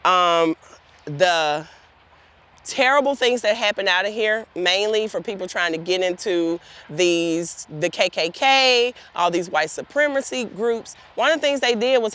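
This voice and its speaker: A woman's voice: medium pitch, a little slow, fairly bright tone. Earnest woman guiding a cemetery tour. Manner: earnest, heartfelt storytelling addressing the group directly. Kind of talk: guided tour talk to volunteers. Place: outdoors in a cemetery.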